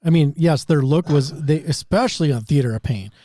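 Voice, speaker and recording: Mellow-voiced middle-aged podcast host. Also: male voice, fairly high pitch, fairly quick, no room sound. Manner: enthusiastic, swears casually. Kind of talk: casual podcast conversation.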